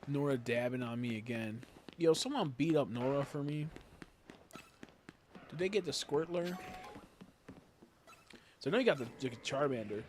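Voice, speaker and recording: A man's voice: mid-range voice, a little fast, a little hiss or hum. A young man in casual live-stream chat, rambling and swearing as he talks to his viewers.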